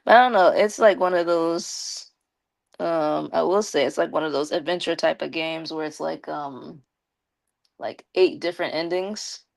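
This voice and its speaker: A woman with a slight lisp, chatting casually with her viewers on a live stream and giving them shout-outs. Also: low voice, moderate pace, creaky.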